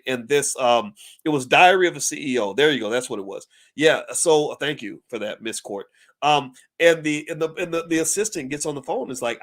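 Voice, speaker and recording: Animated middle-aged man talking to camera. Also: mid-range voice. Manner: animated, repeats words while talking things through. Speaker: finance commentator. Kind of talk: casual direct-to-camera commentary.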